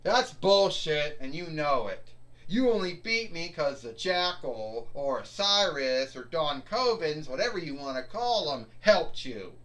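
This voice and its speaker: A man's voice: fairly high pitch, expressive, unhurried, a bit bright. A man voicing an angry male wrestler ranting defensively about his losses in a toy wrestling story.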